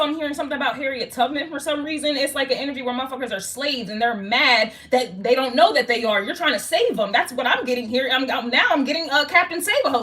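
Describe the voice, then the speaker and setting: A woman's voice: high-pitched, pushed and bright. A woman giving a casual tarot reading, slangy and swearing, talking straight to the viewer. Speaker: tarot reader.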